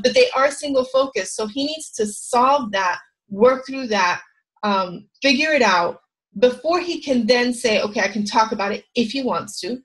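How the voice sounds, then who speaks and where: A woman's voice: on the high side, poor audio. A middle-aged woman, a relationship coach, talking straight to camera and giving advice in a confiding way. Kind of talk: direct-to-camera advice talk.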